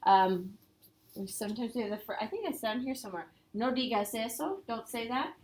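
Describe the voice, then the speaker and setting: A woman's voice: on the high side, lively intonation, moderate pace, a little mellow, slight background noise. A woman teaching a casual review lesson, explaining step by step and quizzing her students. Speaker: Spanish teacher.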